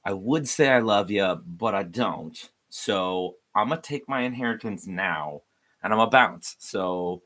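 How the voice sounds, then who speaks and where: A man's voice: fairly low pitch, lively intonation, measured pace, a bit bright. A man doing a cocky young heir cashing out. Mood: brash. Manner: cocky, slangy swagger. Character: brash young man cashing out his inheritance.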